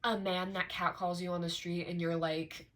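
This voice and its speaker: A woman's voice: on the low side, little pitch movement, normal speed, background noise. A woman giving a casual tarot reading to her viewers, talking emphatically with lots of repetition, fillers and profanity. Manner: conversational with many fillers like "like" and "right". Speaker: tarot reader.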